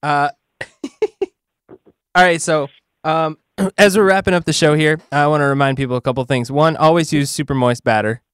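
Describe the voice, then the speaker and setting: A man's voice: on the high side, steady tone, normal speed, a bit bright, clear, resonant tone, no echo, studio quality. A young man hosting a show, chatting casually in a giggly, enthusiastic way. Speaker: podcast host. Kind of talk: casual chat.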